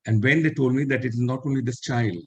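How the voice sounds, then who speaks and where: A man's voice: medium pitch, fairly even intonation, quick pace, husky. An older man with an Indian English accent, a retired army officer giving an earnest storytelling talk over a video call and repeating the lines he wants to stress. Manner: earnest, quotes others in direct speech, repeats key lines. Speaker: retired army general, webinar speaker.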